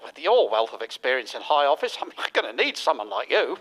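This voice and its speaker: A man's voice: mid-range voice, sing-song, a little fast, fairly bright tone, slight background noise, low-quality recording. An actor playing a male party leader who speaks in the sing-song delivery of a recorded phone message in a satirical radio sketch. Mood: chirpy. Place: studio before a live audience.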